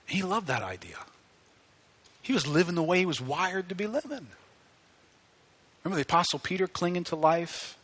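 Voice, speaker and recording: A man preaching a sermon, animated and conversational, rising to near-shouts at high points. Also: fast. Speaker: pastor.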